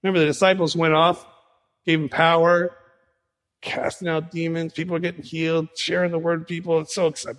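A man's voice: on the high side, fairly quick. Man preaching in a reverberant hall. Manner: animated preaching, acts out dialogue with Jesus. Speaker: pastor. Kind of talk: sermon.

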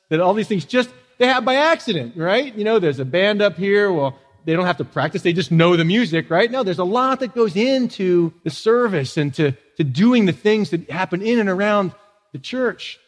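A man preaching a sermon as pastor, conversational, with frequent rhetorical questions to the congregation. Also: sits high. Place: church sanctuary. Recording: long church reverb.

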